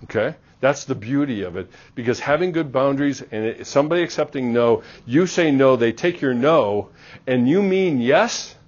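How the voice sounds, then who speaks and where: Man, middle-aged, university lecturer; animated, plays out dialogues; lo-fi classroom recording. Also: medium pitch, normal speed. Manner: animated, acts out little dialogues.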